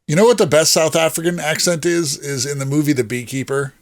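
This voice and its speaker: A man co-hosting a podcast, talking excitedly in casual chat. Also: on the high side, fairly quick. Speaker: podcast co-host.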